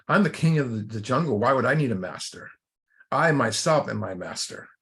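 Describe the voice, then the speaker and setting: A man's voice: lowish voice, moderate pace, gravelly, fairly bright tone. A man doing a boastful, snapping lion. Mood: arrogant. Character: arrogant male lion stuck in mud.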